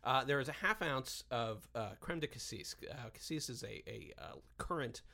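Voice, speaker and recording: A man co-hosts a podcast and walks through a cocktail recipe step by step. He hesitates often and fills the gaps with "uh." His tone is bright and crisp. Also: mid-range voice, expressive, normal speed. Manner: hesitant, many "uh" fillers. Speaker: podcast co-host, cocktail maker. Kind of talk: casual chat.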